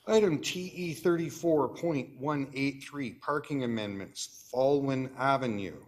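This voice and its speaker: Canadian guy chairing a council meeting, reads items fast and dry, mid pitch. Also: a little mellow. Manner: brisk, dry procedural reading with joking asides. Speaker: committee chair.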